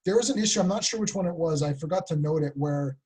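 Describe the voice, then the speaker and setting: Husky excited man talking comics. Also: a little high, fast talker. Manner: excited, rambling, acts out quotes. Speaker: podcast co-host. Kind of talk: casual comic book discussion.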